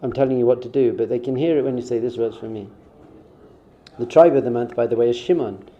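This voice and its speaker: A man's voice: medium pitch, fast talker. A man who is a rabbi, giving a conversational spiritual talk in an informal way and acting out short quoted exchanges. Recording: dull, muffled sound.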